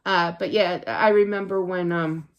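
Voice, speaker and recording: A woman's voice: lowish voice, fairly even intonation, moderate pace, dull audio. Chatty woman giving a spirit reading. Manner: rambling and chatty, with many fillers and restarts. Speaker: psychic card reader. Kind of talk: casual spiritual reading to camera. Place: home office at her desk.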